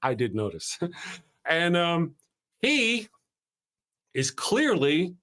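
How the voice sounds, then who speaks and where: A man with a Southern US accent hosting a casual morning talk show, telling stories in an animated, self-mocking way with frequent laughter. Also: fairly high pitch, very slow. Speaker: show host.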